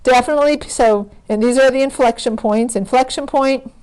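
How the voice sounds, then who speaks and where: A woman's voice: high-pitched, moderate pace, darkish tone, clear, resonant tone. Chatty woman teaching a math lesson. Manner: chatty, self-correcting, thinking aloud. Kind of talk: recorded screen lesson.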